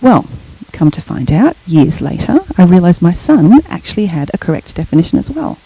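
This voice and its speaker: A woman's voice: fairly low pitch, very animated, moderate pace, gravelly, mellow, slightly rough, rough recording. A middle-aged woman giving an academic lecture, explaining terms and telling a short story from her own life. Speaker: guest lecturer.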